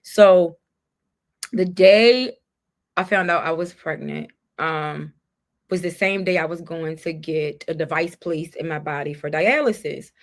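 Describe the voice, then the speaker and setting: A woman with a somewhat low-pitched voice talks as a podcast guest, sharing her own story. She is candid and heartfelt, reflecting openly as she goes. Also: a little slow. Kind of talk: personal storytelling in a conversation.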